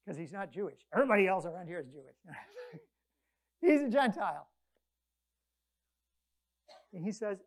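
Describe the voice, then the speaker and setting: Animated woman preaching a sermon. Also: medium pitch, normal speed, long pauses. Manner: conversational, animated storytelling with quoted voices.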